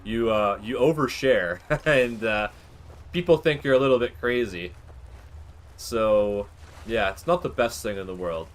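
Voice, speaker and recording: Rambling, low-voiced man streaming a game. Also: a little slow. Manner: rambling and candid, with many fillers and occasional swearing. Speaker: gaming livestreamer. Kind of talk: casual chat while playing a game.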